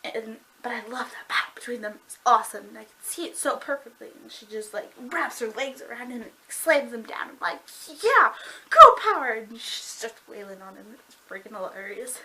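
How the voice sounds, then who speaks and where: A woman gushing excitedly about a book in a casual review vlog, full of "like" and breathless reactions. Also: fairly high pitch, a little fast, few pauses, poor audio. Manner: gushing and excitable, heavy use of "like".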